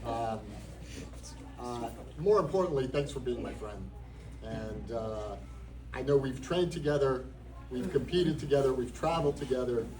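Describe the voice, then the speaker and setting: This is a man of medium pitch with a darkish tone, speaking at a measured pace. As a black belt receiving his promotion at a jiu-jitsu academy, he tells a comic story with good timing, then grows sincere. The room echoes, the mic is distant, and the crowd is loud.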